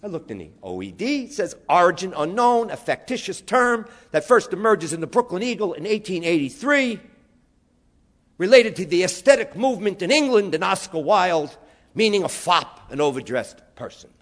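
Pitched high and speaking at a moderate pace, this man from New York spins animated stories for a crowd. He's lively, spelling out words and imitating how his family members talk.

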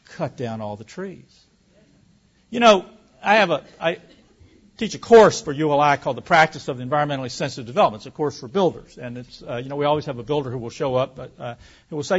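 A man addresses an audience in a lively, storytelling way, throwing out rhetorical questions. His voice sits high for a man. The recording sounds dull and lo-fi. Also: quick pace, breathy edge. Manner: animated storyteller, rhetorical questions, occasional restarts. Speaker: speaker giving a talk on land use. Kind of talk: public talk to an audience.

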